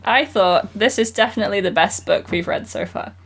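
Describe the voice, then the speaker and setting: A woman co-hosting a podcast muses on a book's ideas in a relaxed, thoughtful book club chat. Her mid-range voice is slightly rough and she talks a little fast.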